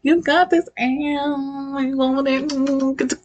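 A woman's voice: sits high, fairly even intonation, a little slow, pitched above the performer's own voice. A woman putting on the voice of an old man cheering on a nervous young woman. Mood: encouraging. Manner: pep-talk, hyping up.

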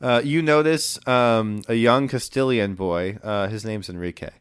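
Male game master, low and smooth, dry close sound. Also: measured pace, dry recording. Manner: relaxed, with frequent fillers. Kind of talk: narrating a tabletop game.

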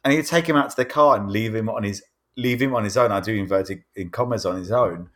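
A British man chats his way through anecdotes on a podcast. He restarts sentences often and drops into quick character voices as he tells his stories. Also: on the low side, a bit bright. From England. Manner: chatty storyteller, slips into impressions, rambling restarts. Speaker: podcast host. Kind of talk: casual chat.

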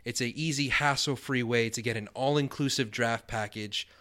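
A man's voice: mid-range voice, normal speed, sharp tone. A man hosting a fantasy football podcast with an easy, upbeat manner. His voice sits in a middle range. He laughs often and keeps things light. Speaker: podcast co-host. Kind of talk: casual podcast chat.

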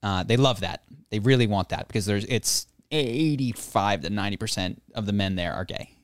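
A man on a podcast telling a personal story in a casual chat, animated, acting out the voices of others and joking at his own expense. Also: fairly low pitch, normal speed, no echo, clean studio sound. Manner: animated, acts out quoted voices, laughs often; self-deprecating humor.

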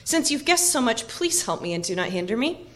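A woman's voice: fairly high pitch, very animated, fairly quick, a bit bright, pitched above the performer's own voice. A woman voicing an earnest, anxious young male hobbit in an audiobook reading, with emotional, exclaiming delivery.

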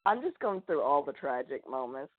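A woman's voice: rumbling low, moderate pace, no echo. A woman co-hosting a podcast, rambling and joking as she retells film scenes. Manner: animated, rambling, jokey. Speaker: podcast co-host. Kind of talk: casual chat. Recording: tinny phone-like line.

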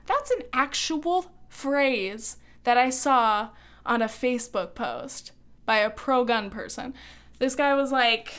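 A woman hosting a podcast, ranting quickly and heatedly, running short of breath. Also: on the high side, a bit bright, smooth. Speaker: podcast host. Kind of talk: opinionated podcast monologue.

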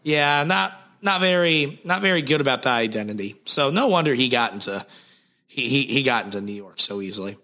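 Bright-voiced man, slightly hoarse. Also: medium pitch, animated, a little fast. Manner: laid-back, sarcastic, swears casually. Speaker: podcast co-host recapping comics. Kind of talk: casual chat.

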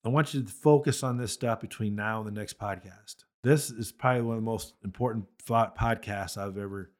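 A man's voice: lowish voice, brisk. A man who raises beef cattle, hosting a podcast and talking bluntly and emphatically about marketing with folksy conviction. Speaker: cattle farmer and podcast host. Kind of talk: motivational podcast talk.

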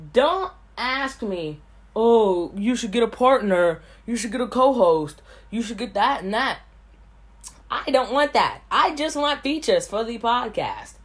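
A woman talking casually on her own podcast at a middle pitch. She is blunt and rambles, often stumbling over and repeating the same word before she moves on. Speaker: podcast host. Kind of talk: casual solo podcast talk.

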